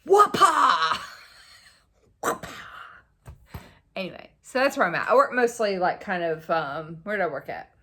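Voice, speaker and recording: A woman chats through her craft projects in a loose, rambling way, her pitch bouncing lively up and down. She gets excitable over her progress and swears casually. She sounds a little tired. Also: fairly quick. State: tired and yawning. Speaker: cross-stitch vlogger. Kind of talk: casual show-and-tell chat.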